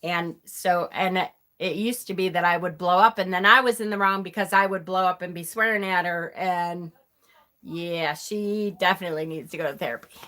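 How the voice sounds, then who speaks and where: A woman's voice: on the low side, normal speed, sharp tone. A middle-aged woman hosting a live tarot stream, chatting casually with an exasperated, laughing manner.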